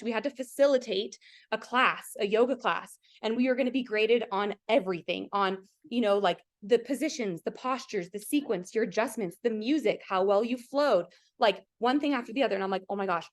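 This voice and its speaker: A woman hosting a coaching call over video, telling an emotional personal story in an earnest, chatty way, full of "like" and direct questions to her listeners. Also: fairly high pitch. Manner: emotional, earnest, heavy use of "like", addresses the audience directly.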